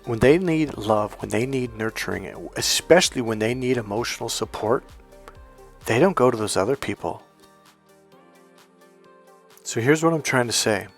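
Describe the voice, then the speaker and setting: A man's voice: medium pitch, animated, normal speed, pauses often, soft background music. A man giving a motivational talk as a relationship and healing coach, speaking emphatically and leaning on stories and rhetorical questions.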